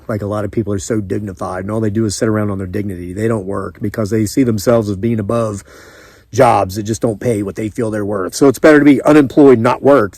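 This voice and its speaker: Here a homesteader from the American South chats to camera, spinning loose stories with frequent restarts and tangents in his Southern accent. His voice sits low and sounds a little mellow, with no room sound.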